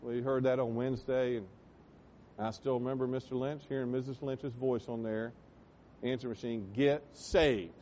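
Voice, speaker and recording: A male pastor preaching a sermon in church, building to loud passionate peaks and then dropping low and earnest. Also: level tone, normal speed, dull audio, slight background noise. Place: church sanctuary.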